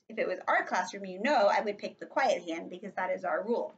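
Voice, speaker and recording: A woman teacher giving an online read-aloud lesson for young children, explaining slowly and clearly into a computer microphone, on a dull lo-fi recording. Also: medium pitch, animated, fairly bright tone. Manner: clear, slow, sing-song explaining to kids.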